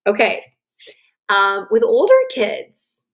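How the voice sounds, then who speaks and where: A woman teaching self-regulation and guiding a slow breathing exercise, with a gentle, instructive manner. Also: mid-range voice. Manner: gentle, instructive, checks in with "right?". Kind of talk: guided breathing lesson. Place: online summit stream.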